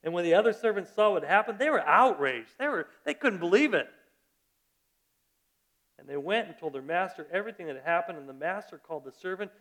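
A male pastor preaching a sermon, telling a story in a lively way and often restarting his phrases. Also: high-pitched, brisk. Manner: animated storytelling with repeated restarts.

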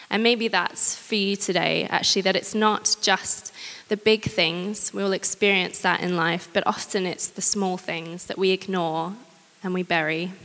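A woman preaching a sermon, candid and personal, with gentle humor. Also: mid-range voice. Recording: long hall reverb.

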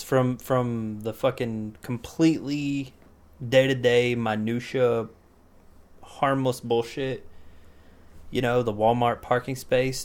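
A young man in casual podcast chat, swearing freely as he talks. His voice sits at an ordinary middle pitch, and he throws himself into animated retellings. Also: smooth. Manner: profane, animated storytelling. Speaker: podcast co-host. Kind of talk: casual conversation.

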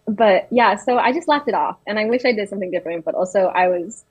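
A woman's voice: mid-range voice, quick pace, slightly rough, rough recording. A young woman in her twenties, telling personal stories in casual talk, hesitant with many restarts and fillers. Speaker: interviewee.

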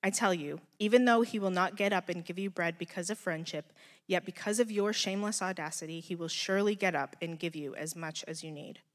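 Woman reading scripture in a big hall. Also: on the low side. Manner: measured, deliberate reading.

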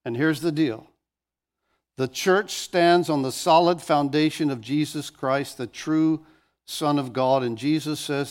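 A man's voice: a little high, measured pace. A man pastor preaching a sermon, telling stories with animation and often restarting phrases.

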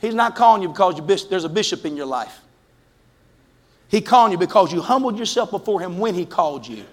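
A man preaching a fervent Pentecostal sermon in a church, calling out to the congregation and rising to shouts. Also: high voice, lively intonation, fairly quick. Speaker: pastor. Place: church sanctuary.

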